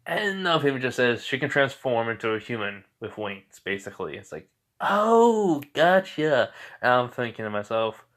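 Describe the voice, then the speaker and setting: A man's voice: medium pitch, a little fast, hardly any pauses, sharp tone. A tired young man casually retelling an imagined adventure as a fan storyteller, rambling and filling his talk with "basically" and "like" as he acts out bits of dialogue.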